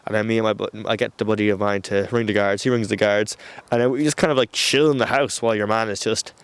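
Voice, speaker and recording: A young Irish man telling a story casually, animated and swearing as he acts out what people said. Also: lowish voice, fast talker, smooth, no room sound. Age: young adult. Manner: animated, swearing, acting out quotes.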